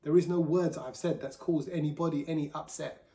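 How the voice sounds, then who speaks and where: A man's voice: a little high, fairly even intonation, brisk, warm tone, echoey room. A man hosting a podcast, talking openly and casually about himself, slipping into quoted voices. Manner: chatty, open, with quoted voices and laughs. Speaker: podcast host. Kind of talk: candid solo talk.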